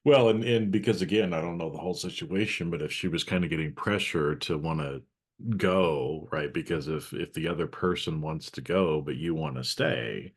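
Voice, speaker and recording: A man's voice: a bass voice, moderate pace, slightly rough. A man hosting a casual talk show, speaking loosely with many fillers and restarts. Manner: loose, meandering, frequent fillers. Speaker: podcast host. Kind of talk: casual conversation.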